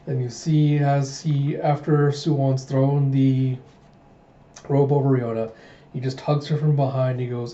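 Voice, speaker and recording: A man's voice: medium pitch, level tone, measured pace, mellow. A man doing a casual manga readthrough, retelling scenes and acting out the lines. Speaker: reader, channel host. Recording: echoey room, muffled lo-fi mic.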